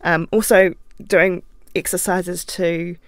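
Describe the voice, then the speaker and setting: Gravelly-voiced New woman, podcast guest. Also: lowish voice, steady tone, slow pace, no room sound. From New Zealand. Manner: thoughtful, chatty, laughs easily, talks with her hands. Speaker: interview guest, author and playwright. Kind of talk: casual conversational interview. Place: podcast studio. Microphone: studio microphone.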